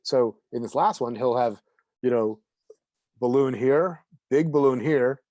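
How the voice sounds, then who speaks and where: A man's voice: mid-range voice, measured pace, no echo, clean studio sound. A man co-hosting a podcast in a casual, rambling chat about comics. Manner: relaxed, rambling, with frequent fillers and restarts. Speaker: podcast co-host.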